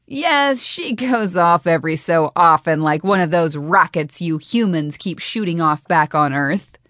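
A light, giggly young dragonette with a teasing, airy manner, voiced by a woman reading a fantasy audiobook. Her tone sits on the low side but lifts brightly for the creature. The sound is dry and close. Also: lively intonation, unhurried, dry recording. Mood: playful. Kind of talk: audiobook character voice.

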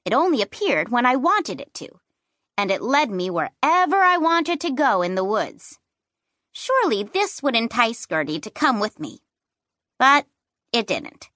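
A woman narrating a children's fantasy book in first person, with playful and expressive storytelling. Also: a little high, measured pace, dry recording, studio quality. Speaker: audiobook narrator.

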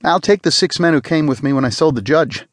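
A cocky young spacer, bright and breezy, with a challenge never far off, as a man puts him on. His voice is pitched well above the narrator's own. Dry, close audiobook sound. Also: lively intonation, moderate pace, no room sound, natural voice.

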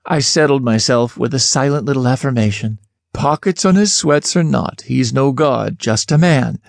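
A man narrating an audiobook in the first person, expressive and lifting his pitch sharply on questions, recorded close in a studio booth. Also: moderate pace, creaky, dry recording.

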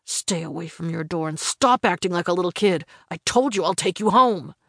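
A woman's voice: lowish voice, normal speed, no room sound, studio quality. A woman voicing a hot-headed, reckless young man in an audiobook, with a lazy, coaxing drawl. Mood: coaxing, dismissive. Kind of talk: audiobook character voice.

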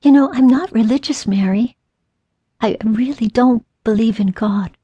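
A woman's voice: a little high, animated, a little slow, darkish tone, breathy edge, no room sound, voice pushed up. A woman voicing a desperate young woman. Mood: doubtful.

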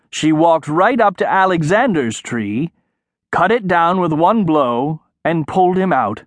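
A man narrating a children's audiobook in a measured, expressive way, recorded in a studio. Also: a little high, dry recording. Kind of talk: scripted narration.

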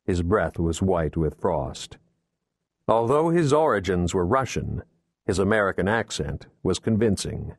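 A man reading a thriller audiobook in steady, measured scripted narration, recorded on a close studio mic. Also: deep voice, no echo. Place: recording booth.

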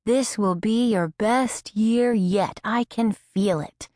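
A woman voicing a warm, excitable middle-aged female neighbor who talks in an effusive, breathy way. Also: medium pitch, takes it slowly, dry recording, studio quality, close to an everyday voice.

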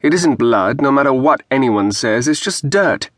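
A man voicing a brooding, weathered older ship captain with gruff, rueful sailor's speech. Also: mid-range voice, lively intonation, moderate pace, no room sound, clean studio sound, pitched above the performer's own voice, lightly acted. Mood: scoffing.

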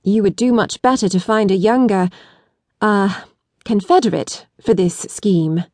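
A woman's voice: mid-range voice, a little slow, darkish tone, dry recording, close to an everyday voice. Woman reading as a guarded young widow. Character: reserved young widow, wary and proud.

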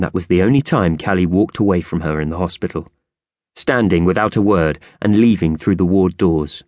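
A man narrating a children's audiobook with expressive storytelling. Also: low-pitched, normal speed, no room sound. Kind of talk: scripted narration.

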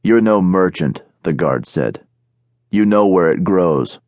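A man voicing a gruff, mocking heavy-set caravan guard in an audiobook. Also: deep voice, lively intonation, takes it slowly, darkish tone, no room sound.

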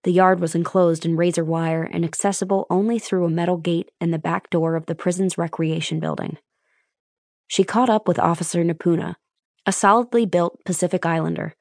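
A woman with a lowish voice reads a suspense audiobook in a steady, measured way. The recording is close and very dry, with no room sound at all. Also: no echo. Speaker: audiobook narrator. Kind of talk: scripted narration.

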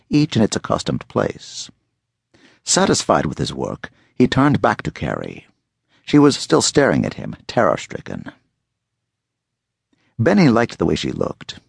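Gravelly, husky male audiobook narrator. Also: sits low, moderate pace, no room sound. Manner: expressive, dramatic storytelling.

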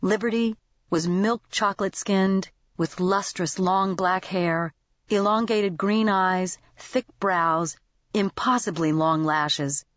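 A woman narrating a novel as an audiobook in a lively, expressive manner. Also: mid-range voice, no room sound, lo-fi sound.

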